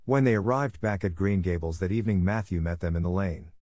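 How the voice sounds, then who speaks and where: Male audiobook narrator, low and measured, dry close sound. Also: darkish tone, no echo.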